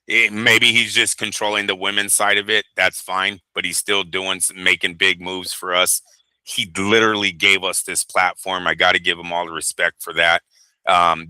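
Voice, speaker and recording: A man co-hosting a boxing talk show, chatting casually in an animated, profane, excitable way. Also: low-pitched, smooth, no echo, rough recording. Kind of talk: casual chat.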